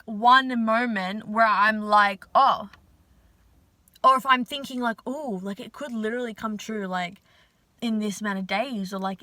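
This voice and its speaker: High, bright-voiced young woman chatting. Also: no echo. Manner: chatty, filler-heavy, swears casually, hypes viewers up. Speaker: manifestation vlogger. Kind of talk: casual chat to viewers.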